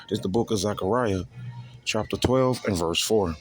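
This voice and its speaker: A man's voice: lowish voice, normal speed, soft background music. A man preaching scripture in a crude, profane way, constantly repeating "you see" to his listeners. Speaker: street preacher.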